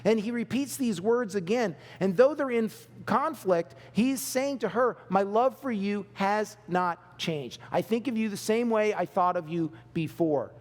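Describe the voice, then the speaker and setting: A man's voice: sits high, expressive, moderate pace, few pauses. A male pastor preaching a sermon to a congregation, emphatic and repeating key phrases, laughing along with the crowd. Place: church hall. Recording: long hall reverb.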